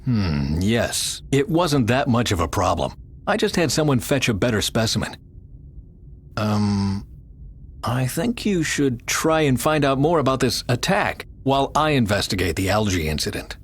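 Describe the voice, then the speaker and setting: A guarded scientist in a video game, with a slightly husky voice. He speaks calmly but keeps probing, his pitch moving freely. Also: unhurried. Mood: wary. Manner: calm, probing. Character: guarded male scientist, a doctor. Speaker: doctor.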